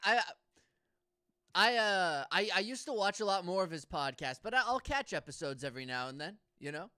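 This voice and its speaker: A man's voice: high-pitched, expressive, fairly quick, pushed and bright, smooth, no room sound, clean studio sound. A young man co-hosting a casual comedy podcast, rambling and stammering through restarts. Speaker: podcast co-host.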